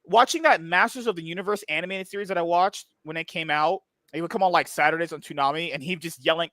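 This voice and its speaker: A man with a bright, fairly high voice hosts a loose podcast chat, crude and joking, swearing as he goes. The sound is dry and close on the mic, with no room around it. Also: fast talker, few pauses, no room sound. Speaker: podcast host. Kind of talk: casual chat.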